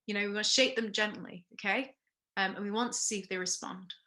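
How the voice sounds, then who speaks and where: This woman leads a first aid class on tape, explaining every step and pausing for questions while frequently saying "okay." Her mid-range voice has fairly even intonation and a sharp tone.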